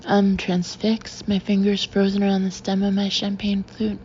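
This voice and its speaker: A woman's voice: medium pitch, monotone, normal speed, dark tone, dull audio, a little hiss or hum. A woman narrating a novel in first person, with a wry, understated delivery. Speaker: audiobook narrator.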